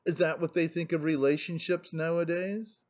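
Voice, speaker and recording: A male narrator reading the lines of a cool, sharp-tongued elderly aristocratic grandmother, on a muffled recording. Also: on the high side, steady tone, moderate pace, natural voice. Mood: sharply ironic. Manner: cutting, ironic.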